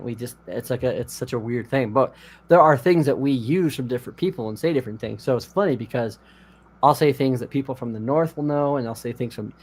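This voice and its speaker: Guy from colorado rambling on a chill stream, lively, laughs a lot. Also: medium pitch. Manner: rambling, animated, laughs often. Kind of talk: casual chat.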